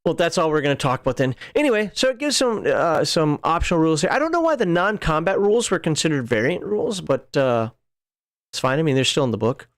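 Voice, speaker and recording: Chatty man with a smooth, higher voice. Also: very animated, fast. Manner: rambling, reads rules aloud with chatty asides. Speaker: podcast host. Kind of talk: casual rules walkthrough.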